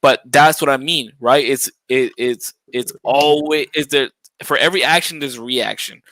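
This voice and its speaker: A man who is a game streamer, guesting on a podcast, talking things through in a reflective, casual way with plenty of swearing and shout-outs to stream followers. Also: medium pitch, moderate pace, no echo, poor audio. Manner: reflective, heavy swearing, talks while thanking stream followers.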